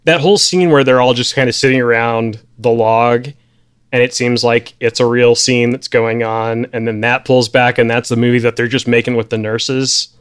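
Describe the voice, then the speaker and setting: A man chats loosely about a film with a podcast co-host, his sentences wandering and full of fillers. His voice is smooth and clear, at an ordinary pitch for a man. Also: normal speed. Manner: relaxed, rambling, frequent fillers. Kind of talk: casual film discussion.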